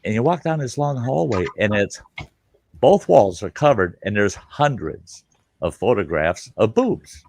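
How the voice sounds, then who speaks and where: A man's voice: lowish voice, very animated, unhurried, vocal fry, darkish tone. A middle-aged man, hosting a livestream chat and telling a long story, acting out the voices and swearing freely. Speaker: livestream host.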